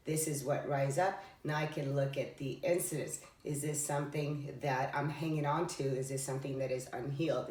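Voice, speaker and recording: Low-voiced woman musing in an echoey room. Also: darkish tone. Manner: earnest, rambling with fillers and self-corrections. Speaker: spiritual tarot vlogger. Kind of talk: reflective spiritual monologue. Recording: echoey room, voice somewhat far from the mic.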